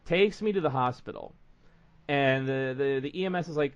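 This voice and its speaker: A man's voice: on the high side, fairly quick. Man, podcast host, casual rambling story, lots of fillers, slightly dull lo-fi sound. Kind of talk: casual chat.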